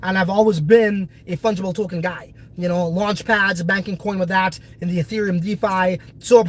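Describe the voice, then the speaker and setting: A man's voice: sits high, steady tone, normal speed, rough recording. A congested man hosting a casual crypto video, talking in a brash, profane, hyped way. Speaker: crypto project host.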